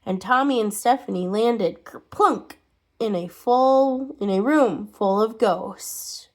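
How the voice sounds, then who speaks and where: A woman reads a spooky children's story aloud in an expressive storytelling voice. She reads slowly, with small slips and restarts. Her voice sits a little high. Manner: expressive, with restarts and muttered asides.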